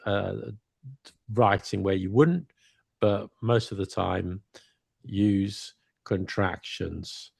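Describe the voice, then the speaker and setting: Gravelly-voiced male English teacher. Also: fairly low pitch, no echo, studio quality. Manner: relaxed, self-correcting, gives spoken examples. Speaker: English teacher, podcast co-host. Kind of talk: casual podcast chat.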